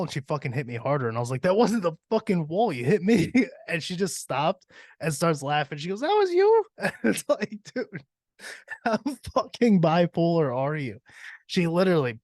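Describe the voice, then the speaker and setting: A man's voice: mid-range voice, no echo. A man in his thirties hosting a podcast, telling rambling, profane stories and laughing through them. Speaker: podcast host. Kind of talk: casual storytelling monologue. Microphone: podcast mic.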